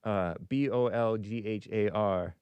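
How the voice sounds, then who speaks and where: A man's voice: lowish voice, measured pace, smooth, dry recording, lo-fi sound. A man hosting a live call-in stream, musing aloud with frequent chuckles and reading viewer comments.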